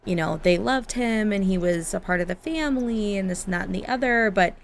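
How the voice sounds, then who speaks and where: A woman's voice: mid-range voice, brisk, creaky, slight background noise. A woman doing casual, chatty gameplay commentary from her home office, giggling and talking to her game characters. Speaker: gaming YouTuber.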